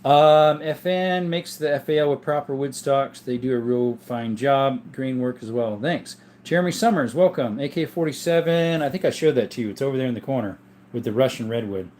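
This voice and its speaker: Briskly reading viewer comments aloud, this gun-collecting livestream host answers them in a rambling, easygoing way from a room at home that houses his guns. His voice is medium in pitch, darkish, strained and worn, with a little hiss or hum in the recording.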